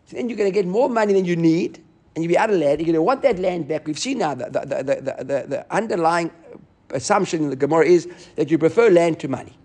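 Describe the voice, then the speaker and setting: A man teaching a Talmud class, explaining the text quickly and animatedly, mixing in Hebrew and Aramaic terms. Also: on the high side, animated, darkish tone.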